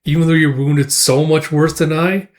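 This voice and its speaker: A man reading as a calm young commander. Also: a little high, normal speed, voice pushed up, lightly acted.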